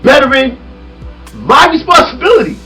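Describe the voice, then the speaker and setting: A man hosting a relaxed podcast, pitching his arguments through questions and quick laughs. His voice moves a lot, rising and dropping as he talks. He sits a bit back from the mic, with faint music underneath. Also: far from the mic, rough recording. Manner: animated, laughs often, builds arguments with questions. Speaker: podcast host. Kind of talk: casual podcast chat. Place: studio room with a small audience.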